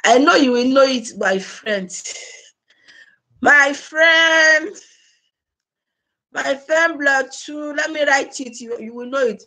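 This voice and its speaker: A woman's voice: high voice, takes it slowly, long pauses, pushed and bright. A woman hosting a casual live stream, chatty and laughing often as she greets viewers by name. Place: home in Germany.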